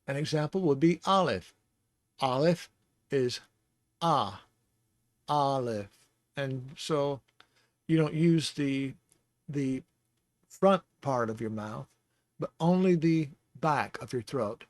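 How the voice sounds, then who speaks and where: A man teaching the Hebrew alphabet in a casual, rambling way, sounding out syllables slowly and chuckling now and then. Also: a little high, no echo. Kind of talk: casual lesson.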